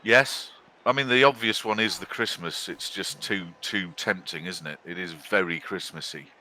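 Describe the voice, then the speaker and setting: Bright, low-voiced joking man. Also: normal speed. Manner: chatty, joking and teasing. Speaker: co-commentator. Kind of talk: casual game commentary.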